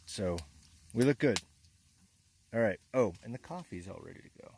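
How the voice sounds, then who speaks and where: Low-voiced guy, still groggy, rambling with lots of ums in his tent, quiet camp sounds behind. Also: animated, gravelly, a little hiss or hum, poor audio. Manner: rambling, halting, many fillers. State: groggy just after waking. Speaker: motocamping vlogger. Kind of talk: casual camp vlog. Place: inside a hot tent with a wood stove.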